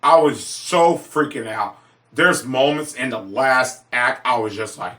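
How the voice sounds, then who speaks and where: Excitable man gushing over movies. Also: measured pace. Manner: excitable, gushing, repeats himself, sudden high-pitched exclamations. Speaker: movie reviewer. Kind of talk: casual movie ranking monologue.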